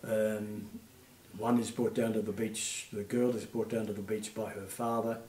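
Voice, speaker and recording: An Australian man in his eighties, a retired puppeteer, telling gentle stories in an interview with many fillers. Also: fairly low pitch, level tone, normal speed, recorded from a distance. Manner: gentle anecdotal storytelling, frequent fillers. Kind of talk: reminiscing interview. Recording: echoey room, off-mic.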